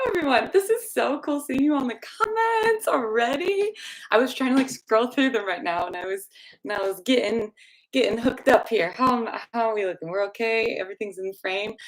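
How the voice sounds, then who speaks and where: A young woman from the Chicago area with a Chicago accent, chatting casually and rambling with restarts as she hosts a livestream Q&A. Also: a little high. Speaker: dental hygiene channel host. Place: home room with space heater.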